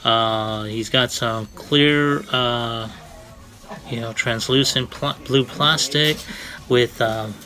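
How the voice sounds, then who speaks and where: A man's voice: medium pitch, fairly even intonation, takes it slowly, sharp tone. A man doing a casual toy review, talking in a rambling, friendly way with many fillers and restarts.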